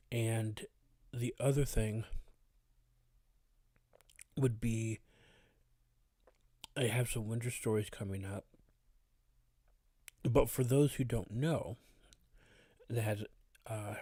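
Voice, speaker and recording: A man hosting a live stream, chatting casually with viewers, his voice slightly rough as it recovers. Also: on the low side, dry recording, clean studio sound. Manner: relaxed, greets chat viewers by name, frequent uh fillers. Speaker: horror story channel host.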